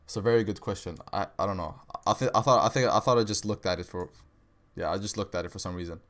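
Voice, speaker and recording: A young man with a low-pitched voice hosts a live trading stream. He chats loosely with viewers, peppering his talk with "bro" and "right" and the odd swear. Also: quick pace, fairly bright tone. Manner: casual slangy talk, says bro and right a lot, swears. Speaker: livestream trading host. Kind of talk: casual livestream chat reading viewer questions.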